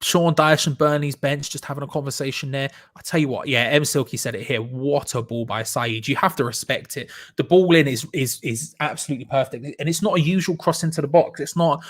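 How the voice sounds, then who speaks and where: A young man hosting a live football watch-along, reacting excitedly to the match and chatting with viewers. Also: medium pitch, brisk, hardly any pauses. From England. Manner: excitable, shouts and laughs at goals, chats to viewers. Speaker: fan channel host.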